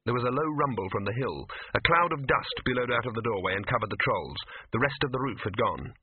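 A man narrating an audiobook in an even storytelling manner. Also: medium pitch, quick pace, noisy background. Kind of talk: scripted narration. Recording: dry phone-like lo-fi audio.

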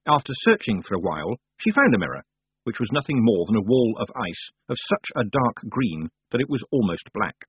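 A man narrating a humorous fantasy novel in a wry, expressive storytelling manner. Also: fairly low pitch, brisk, husky, no room sound. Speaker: audiobook narrator. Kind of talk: audiobook narration. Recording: dry, tinny phone-like sound.

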